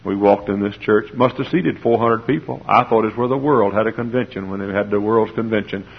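A man preaching a sermon to a congregation, with an impassioned style that swells toward shouting, on a muffled old tape. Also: on the low side, a little fast, vocal fry, slightly rough. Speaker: pastor. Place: church sanctuary before a congregation.

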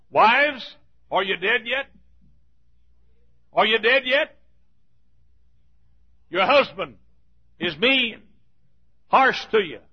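A man preaching a fiery sermon in a church, repeating his lines and rising to shouts. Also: sits high, breathy edge, dull audio.

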